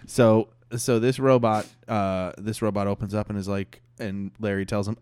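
A man's voice: on the low side, fairly even intonation, moderate pace, a little mellow, clean tone, no echo. A man co-hosting a comedy podcast, improvising a story with loose, rambling narration and frequent laughter. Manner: rambling, laughing, self-correcting. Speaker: podcast co-host.

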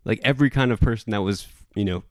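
A man's voice: fairly low pitch, fast talker, no echo, clean studio sound. A man from Texas co-hosting a podcast, telling stories in an easygoing, casual way. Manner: easygoing, storytelling. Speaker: podcast co-host. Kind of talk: casual chat.

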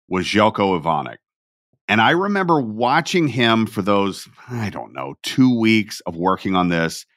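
A man hosting a podcast, chatting and reminiscing in a relaxed way with a guest. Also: fairly low pitch, no room sound, clean studio sound. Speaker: podcast host. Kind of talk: casual interview chat.

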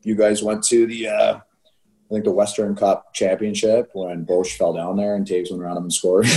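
A man, a former hockey player co-hosting a casual chat, telling animated stories and acting out quotes. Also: fairly low pitch, unhurried, low-quality recording. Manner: animated storyteller, laughs often, acts out quotes.

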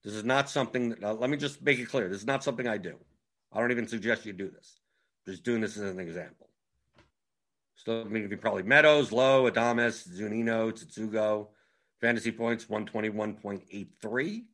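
A man's voice: on the low side, brisk, a bit bright. A man hosting a fantasy sports strategy show, explaining in a rambling, casual way and often repeating his words. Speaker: fantasy sports analyst host.

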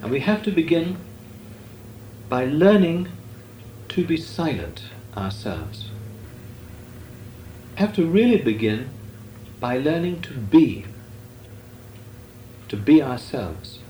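An older man, a Benedictine monk, giving a measured, deliberate talk on meditation with long pauses. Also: on the high side, very animated, dark tone. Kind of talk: slow meditative spiritual talk. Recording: echoey room with faint noise.

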